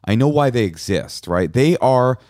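A man co-hosting a podcast in casual comedic chat, animated and joking, often slipping into mock voices. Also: mid-range voice, moderate pace, no echo, studio quality. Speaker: podcast co-host.

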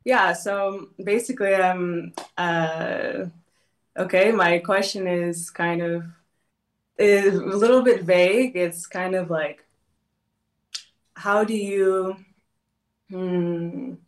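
A woman in her twenties from California, calling in to a podcast and speaking nervously, with lots of pauses and fillers. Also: lowish voice, fairly even intonation, far from the mic. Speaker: caller.

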